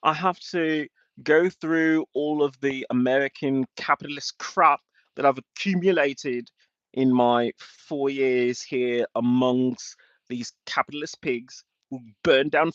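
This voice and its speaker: A man livestreaming in an emotional, rambling rant, swearing freely as he answers his chat. His voice sits at a middling pitch. The sound is dull and lo-fi, and very dry. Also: fairly bright tone, no room sound. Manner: emotional, ranting, swears often. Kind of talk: rambling live-stream talk.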